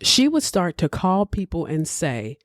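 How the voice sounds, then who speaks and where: Lively, chatty woman podcaster. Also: lowish voice, measured pace, no room sound, clean studio sound. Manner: chatty, blunt asides while recounting. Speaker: podcast host. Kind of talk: casual true-crime storytelling.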